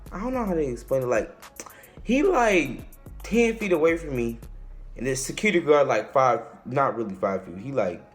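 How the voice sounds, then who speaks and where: A young man telling a casual storytime tale. He is animated and slangy, and he acts out the quotes and the shouting. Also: mid-range voice. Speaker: vlogger.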